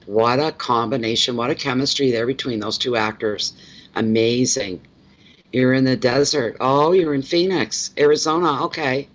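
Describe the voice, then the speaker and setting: A man's voice: mid-range voice, fairly even intonation, normal speed, fairly bright tone. Chatty man on a lo-fi live stream. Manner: chatty and rambling, repeats words, greets viewers by name. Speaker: tarot reader hosting a live stream. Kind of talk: casual live-stream chat with viewers. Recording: slightly dull lo-fi audio.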